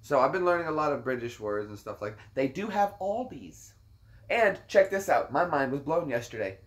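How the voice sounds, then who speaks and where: A man's voice: medium pitch, lively intonation, fairly quick, fairly bright tone. A man hosting a casual chat, telling rambling, jokey stories. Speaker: host.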